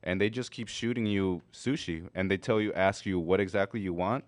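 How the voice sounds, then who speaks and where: A man from a restaurant, describing dishes and their ingredients one by one in a steady, methodical way. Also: deep voice, normal speed, dry recording. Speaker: restaurant representative.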